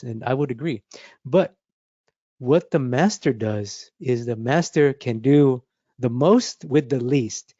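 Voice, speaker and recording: A man in his forties leads a drawing lesson with mellow, warm enthusiasm, repeating key words for emphasis and punctuating with playful sound effects. The recording is dry and a touch dull, with no room around the voice. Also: medium pitch, lively intonation, measured pace, dry recording. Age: 40s. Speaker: art instructor. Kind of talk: drawing lesson with live demonstration.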